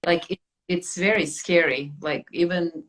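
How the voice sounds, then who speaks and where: A woman's voice: fairly low pitch, fairly even intonation, a little slow, fairly bright tone. A woman hosting a podcast in casual chat, talking loosely with many fillers and restarts. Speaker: podcast host.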